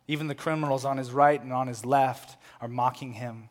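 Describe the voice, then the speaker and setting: A man preaching a sermon, swinging between loud, impassioned proclamation and hushed, quiet lines. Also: medium pitch, fairly even intonation, fairly quick, hardly any pauses. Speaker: pastor. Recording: long hall reverb.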